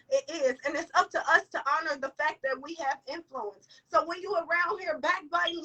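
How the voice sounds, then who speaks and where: A young woman who vlogs and runs a business gives an emotional motivational talk, tearful and sniffling, repeating lines for emphasis. Her voice is very high-pitched and sharp, and the audio is poor, with a distant mic.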